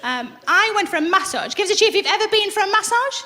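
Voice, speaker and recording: A woman, doing live stand-up comedy in a chatty, blunt, swearing way with deadpan punchlines. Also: very high-pitched, fast talker, slight background noise. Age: 40s. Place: large live comedy venue. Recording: echoey live room with loud audience laughter. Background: audience laughing and cheering.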